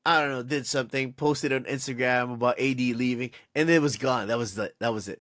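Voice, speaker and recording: A man co-hosting a casual sports podcast, ranting in an animated, exasperated way with lots of restarts. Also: mid-range voice, fairly quick, dry recording, clean studio sound. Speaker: podcast co-host.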